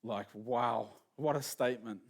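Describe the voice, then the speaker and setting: A man preaching a sermon in a casual, animated storytelling manner, acting out quotes as he goes. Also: medium pitch, unhurried, vocal fry.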